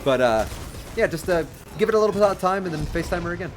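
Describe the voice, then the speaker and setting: Chatty young man, slightly high voice. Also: lively intonation, fast talker, faint music behind. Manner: rambling and friendly, with many restarts and chuckles. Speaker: livestream gamer giving dating advice to chat. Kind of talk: casual livestream commentary.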